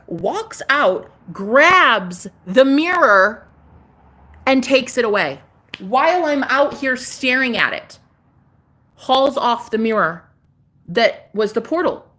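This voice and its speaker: A woman telling a story casually on a vlog, excitable and profane, talking outdoors on a porch. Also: high-pitched. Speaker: spiritual vlogger.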